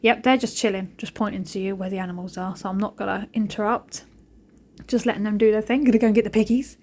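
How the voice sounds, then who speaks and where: A woman's voice: mid-range voice, fairly even intonation, brisk. A woman in her thirties, a mother and vlogger, chatting cheekily and telling jokey stories while she cleans the house. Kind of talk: casual chat over cleaning footage.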